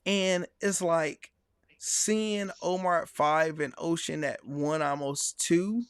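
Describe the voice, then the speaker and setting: A man's voice: a little high, takes it slowly, clear, resonant tone, no echo, clean studio sound. A man hosting a sports podcast, chatting casually and rambling through a long personal story with run-on asides. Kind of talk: casual chat.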